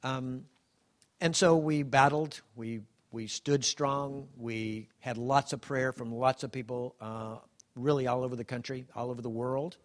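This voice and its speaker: A man in his seventies giving a heartfelt personal testimony, halting and emotional with many restarts and gentle self-deprecating humor. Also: mid-range voice, steady tone. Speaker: speaker sharing a personal testimony.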